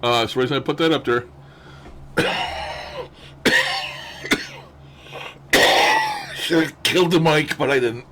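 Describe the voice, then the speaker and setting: A man's voice: a little high, huge pitch swings, extremely slow, long pauses, background noise. A man hosting a session, casually commenting and musing as he plays back recordings, chuckling to himself. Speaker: host reviewing spirit-box recordings. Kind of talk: casual commentary over playback.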